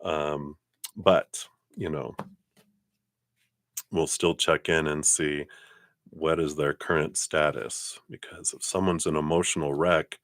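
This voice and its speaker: A man gives a tarot card reading on a live stream, rambling with many fillers and self-corrections and laughing often between remarks. His voice is low with a fairly bright tone, recorded in clean studio sound with no echo.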